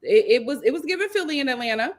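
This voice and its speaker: A young woman hosts a live reality show recap. Her voice sits high, and her delivery is animated, chatty and full of slang asides. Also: fast. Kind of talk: casual live stream chat.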